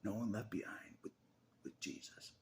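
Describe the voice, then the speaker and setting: A man's voice: moderate pace, a little mellow, a little hiss or hum. A man talking to his viewers in a rambling personal monologue, laughing often and slipping into whispers.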